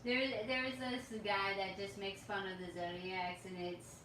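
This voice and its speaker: A woman hosts a relaxed dinner chat, rambling and giggling through her stories with plenty of fillers. Her voice is of middle pitch and sounds distant from the mic. The room around her is very echoey, with faint noise behind. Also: unhurried. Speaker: livestream host. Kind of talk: casual chat.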